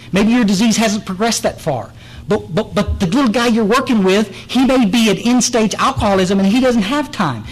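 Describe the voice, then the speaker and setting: Man, middle-aged, recovery speaker; raised-pitch voice, emphatic testimony with restarts. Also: poor audio. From Texas Hill Country. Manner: earnest, blunt, emphatic, restarts and repeats words. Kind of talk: personal testimony talk.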